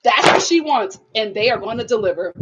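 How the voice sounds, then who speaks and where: Young woman chatting about a reality show, high voice, lively and laughing, pokes fun. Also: brisk, slight background noise. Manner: animated, mocking impressions, laughing asides. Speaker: commentary vlogger. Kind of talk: casual reality TV commentary.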